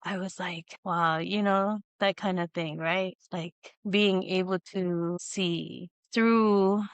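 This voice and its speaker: A woman hosting a podcast, telling a personal story in a casual, animated way and acting out the dialogue. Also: on the low side, takes it slowly, clean tone, no room sound, lo-fi sound. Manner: animated, acts out quoted dialogue with lots of "you know". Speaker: podcast host.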